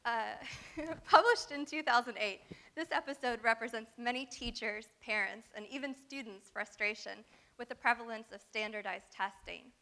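A woman in her thirties delivers a guest lecture from a prepared text. Her voice is bright, clear and a little high. She speaks in a measured, scholarly way.

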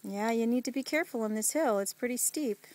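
A woman's voice: on the high side, brisk, a little mellow, poor audio. A mother filming her small child outdoors in a backyard, talking in a playful, doting, coaxing way and laughing often. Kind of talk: home video chat with a small child.

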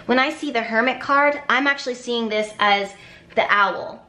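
A woman's voice: a little high, moderate pace, sharp tone. Emphatic woman tarot reader, echoey room. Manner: emphatic, repetitive, exasperated at times. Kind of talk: intuitive tarot reading to camera.

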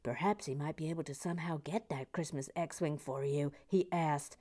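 A woman's voice: low voice, normal speed. Playful woman, half-whispering host. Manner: playful, drifts between soft whispers and bursts of mock indignation; reads viewer messages aloud with hesitant restarts. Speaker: host of a live building stream reading viewer comments. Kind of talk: chatty live-stream commentary while building.

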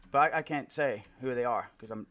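Live on stream, a man playing a shooter game trash-talks, swears and jokes with his squad, laughing frequently. His voice is mid-range with a fairly bright tone.

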